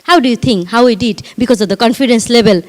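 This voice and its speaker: Speaking fast in a high voice with a Bangladeshi accent, a middle-aged woman works as a parenting coach addressing a live audience at a community event. Animated and emphatic, she stacks up rhetorical questions and repeats her points throughout the speech.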